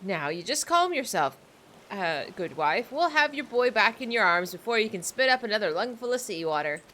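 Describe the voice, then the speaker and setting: A woman's voice: medium pitch, very animated, moderate pace, bright, forceful tone, a little hiss or hum. A woman voicing a male soldier, reading his game lines with a put-on pirate-style drawl. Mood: reassuring. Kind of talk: reading game dialogue aloud on a stream.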